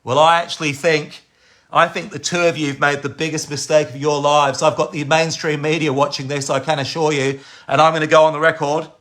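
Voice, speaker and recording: Australian male campaigner, impassioned accusatory monologue, bright forceful tone. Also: on the high side, flat delivery, fairly quick. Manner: accusatory, repeatedly addressing his target as "mate". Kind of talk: impassioned direct-to-camera monologue.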